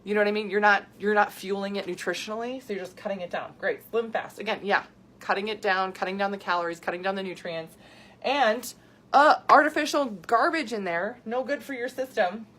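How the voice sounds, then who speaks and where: A woman in her thirties hosts a casual live stream as a health coach. She talks in an animated, chatty way and jumps up in pitch with excitement when she reads viewer comments. Her voice sits in an ordinary middle range for a woman. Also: brisk. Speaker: health coach and podcast host.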